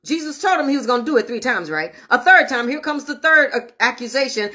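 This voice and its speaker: A woman's voice: on the high side, sing-song, fairly quick, hardly any pauses, bright, forceful tone. A woman minister preaching an online sermon, emphatic and repetitive, speaking straight to her viewers. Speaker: minister and host of an online prayer show.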